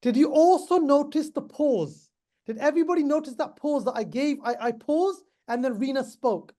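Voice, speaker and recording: With a very high but dark-toned voice at a normal speed, a middle-aged man leads a pharmacist webinar online. He's chatty and repetitive and addresses his students directly.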